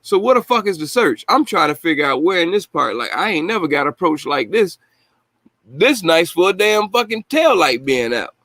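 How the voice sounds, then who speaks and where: A man in his own casual commentary, heated and full of swearing. His voice sits a little high, and the sound is dry and close, with almost no room echo. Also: big pitch swings, moderate pace, a bit bright. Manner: indignant, heated, swears freely. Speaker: host reacting to news clips.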